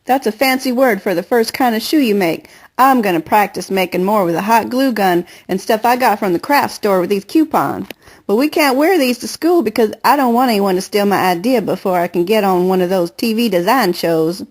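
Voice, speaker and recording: A woman's voice: mid-range voice, animated, natural voice. A woman reading an audiobook, voicing a playful, confident girl who chatters and teases. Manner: fast bubbly chatter, teasing. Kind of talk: audiobook character voice.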